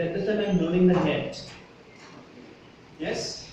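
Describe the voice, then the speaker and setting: A man's voice: high-pitched, lively intonation, measured pace, long pauses, a little mellow. A man with a Bangladeshi English accent lecturing a university class, emphatic and often checking in with students. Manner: emphatic, repeatedly checks "Yes? Clear?" with students. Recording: echoey classroom from far off, faint hiss.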